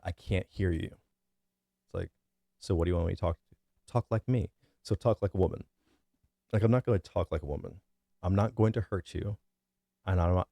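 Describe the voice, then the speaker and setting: A man in his thirties with a deep bass voice, giving his opinions in a casual, rambling monologue full of fillers and restarts. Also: creaky, dark tone, no room sound, clean studio sound. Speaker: vlogger.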